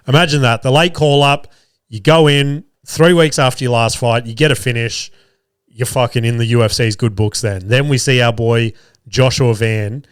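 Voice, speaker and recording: A man's voice: mid-range voice, clear, resonant tone, no echo, clean studio sound. An Australian man hosting a podcast, chatting loosely and swearing as he picks bets, under the weather with a cough. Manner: rambling, swears often, many restarts and fillers. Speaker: podcast host. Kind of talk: casual sports betting chat. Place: small studio. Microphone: studio mic.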